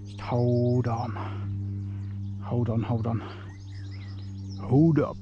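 A man commenting on his own fishing as he fights a fish, excited and muttering, straining with an aching arm. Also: mid-range voice, extremely slow, highs cut off, a little hiss or hum. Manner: excited, breathless exclamations, muttered asides. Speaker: fishing vlogger. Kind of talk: live commentary while fishing. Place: outdoors by a lake.

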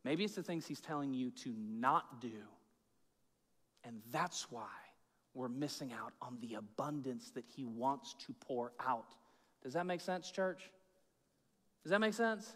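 Bright-voiced pastor preaching in a hall. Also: male voice, measured pace. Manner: swings from loud emphatic bursts to low hushed asides; informal, chatty preaching with fillers and repeats. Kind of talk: sermon. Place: church sanctuary with long reverb. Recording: echoey church hall.

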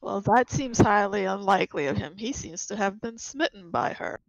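A woman's voice: mid-range voice, normal speed, gravelly, muffled recording, slight background noise. A woman player speaking formally in character during a tabletop game. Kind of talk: tabletop role-play.

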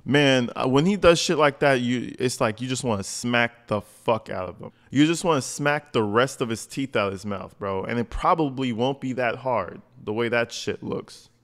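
Male commentator with a blunt, crude, mocking delivery, mid-pitched voice. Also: moderate pace, hardly any pauses, fairly bright tone. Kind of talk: profane reaction commentary.

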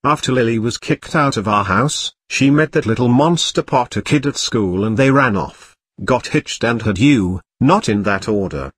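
A man voicing a shrill ranting aunt. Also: expressive, unhurried, breathy edge, dry recording.

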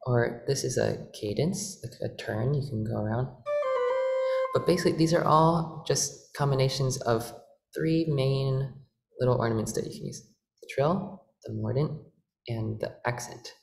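Workshop presenter, man, gravelly voice, halting explanations, roomy sound with organ playing behind. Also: mid-range voice. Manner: halting, explanatory, many fillers. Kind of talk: lecture demonstration.

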